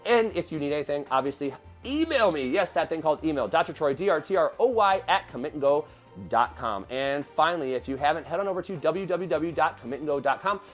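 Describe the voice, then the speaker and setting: A man's voice: on the high side, animated, fast, faint music behind. A middle-aged man hosting a motivational podcast, talking straight to his listeners in an earnest, direct way. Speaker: podcast host.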